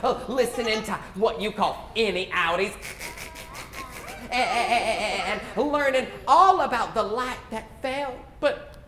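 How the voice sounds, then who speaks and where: A man's voice: high-pitched, slow pace, bright, forceful tone, exaggerated voice. A man voicing a small, touchy female garden worm in a live children's puppet play, huffy and accusing. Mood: plaintive. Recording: echoey room, faint noise.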